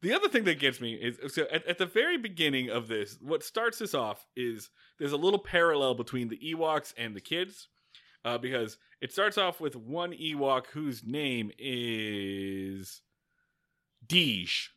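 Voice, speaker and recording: A man co-hosting a podcast, recapping a film in casual, excitable chat, swearing freely. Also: medium pitch, a little slow. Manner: excitable, swearing, animated retelling with acted-out quotes. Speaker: podcast co-host. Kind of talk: casual movie-review chat.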